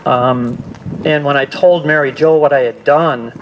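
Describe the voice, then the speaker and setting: A man's voice: mid-range voice, fairly even intonation, lo-fi sound, background noise. Earnest older man giving testimony. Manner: halting, earnest, with restarts. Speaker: guest speaker. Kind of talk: personal testimony speech. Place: school assembly.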